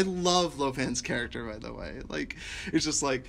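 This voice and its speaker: A man in casual chat about a movie, excitedly quoting favorite lines and laughing. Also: mid-range voice, moderate pace, gravelly. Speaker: podcast co-host.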